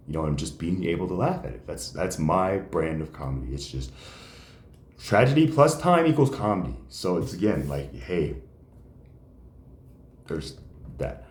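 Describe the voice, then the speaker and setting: A man who does stand-up comedy, telling stories in a casual, rambling way with many fillers. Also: rumbling low. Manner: animated, rambling, frequent fillers. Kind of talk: casual storytelling chat. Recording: roomy echo.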